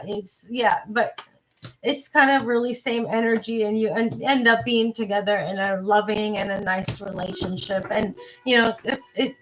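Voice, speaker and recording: A woman's voice: on the high side, background noise. A woman giving a live tarot reading, talking to her viewers in a rambling, playful, casual way and swearing now and then. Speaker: tarot reader.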